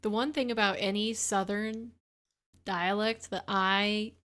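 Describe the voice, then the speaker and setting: A woman's voice: mid-range voice, fairly even intonation, unhurried, fairly bright tone. A woman co-hosting a live stream, chatting casually and giving her opinions with easy laughter.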